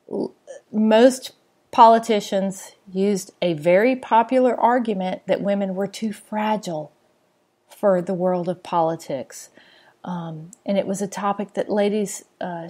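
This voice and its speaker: Woman, podcast host, casual chatty monologue, fillers and asides, mid-pitched voice. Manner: chatty, with frequent fillers, asides and soft laughs. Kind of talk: casual solo podcast chat.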